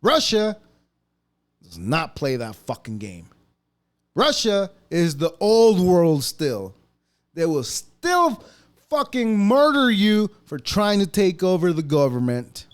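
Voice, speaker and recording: A man's voice: high-pitched, wildly swooping pitch, slow pace. A man hosting a podcast, ranting casually in a profane, mocking way. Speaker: podcast host. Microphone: podcast mic.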